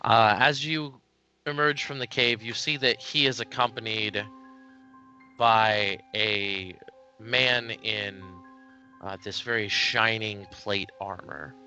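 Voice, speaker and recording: Casting: unhurried male game master, bright tone, halting narration. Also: lowish voice, fairly even intonation, soft background music. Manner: slow, hesitant narration with many fillers.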